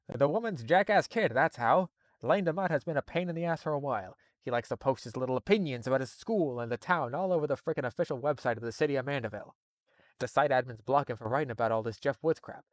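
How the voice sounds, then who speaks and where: A man's voice: mid-range voice, fast talker, dry recording, clean studio sound. A man doing a casual live reading of a horror story, swearing freely and breaking off into laughing asides. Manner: profane, laughing, digressive asides. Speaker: story reader, streamer.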